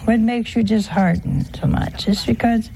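A woman's voice: a little high, normal speed, gravelly, dark tone, a little hiss or hum, rough recording. A woman giving a homely, conversational sermon, teasing her listeners with rhetorical questions. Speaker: religious teacher.

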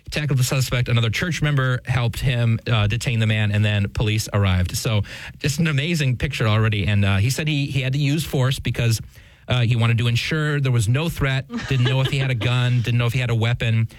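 A man's voice: medium pitch, brisk, no echo, poor audio. A man co-hosting a casual commentary podcast, chuckling often and speaking with many fillers and restarts. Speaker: podcast co-host. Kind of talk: casual news commentary chat.

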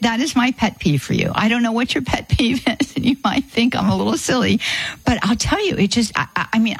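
A woman's voice: medium pitch, husky, no room sound, poor audio. Middle-aged lady radio host, chatty, dry studio sound. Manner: chatty, warm-hearted, repeats phone number. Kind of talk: live call-in radio talk. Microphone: studio microphone.

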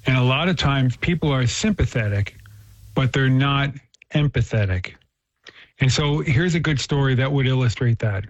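A man's voice: medium pitch, moderate pace, dry recording. A man in casual conversation, earnestly explaining faith ideas and telling a story. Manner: earnest, storytelling, frequent restarts. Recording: dull, dry lo-fi recording.

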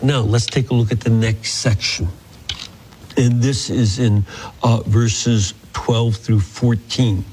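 A man teaching a Bible passage, reading verses slowly and then explaining them earnestly. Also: medium pitch, darkish tone, breathy edge, poor audio. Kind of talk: scripture teaching.

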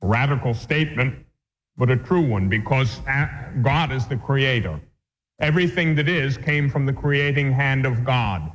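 A man, a priest, teaching a catechism class in an earnest, deliberate way, reading from the text and then explaining it. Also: mid-range voice, animated. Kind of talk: catechism lecture. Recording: echoey dull lo-fi recording.

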